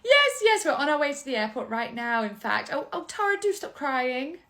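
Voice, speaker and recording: A woman's voice: high voice, big pitch swings, moderate pace, a bit bright, voice pushed up, exaggerated voice. A woman playing a self-absorbed, condescending mother with a patronising, sing-song manner. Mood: dismissive.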